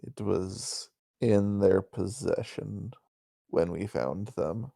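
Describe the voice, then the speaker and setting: A man speaks in character during a tabletop game, using a low, dark and gravelly voice. His delivery is casual and joking, with frequent hesitations. The sound is close and dry. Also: takes it slowly, no room sound. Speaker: player. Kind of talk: in-character tabletop role-play.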